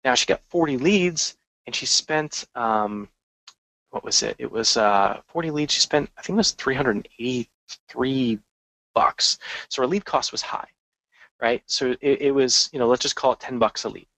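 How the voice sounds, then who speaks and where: A man's voice: mid-range voice, normal speed, a bit bright, no echo, poor audio. A man hosting a marketing podcast, talking energetically in a casual, conversational way with frequent restarts and asides. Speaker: podcast host and marketing coach. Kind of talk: casual business podcast monologue.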